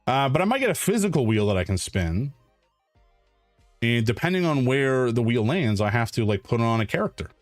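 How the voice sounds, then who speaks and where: A man's voice: medium pitch, big pitch swings, normal speed, dry recording, soft background music. Rambling, playful male streamer. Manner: rambling, self-deprecating, playful. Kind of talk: casual live-stream chat.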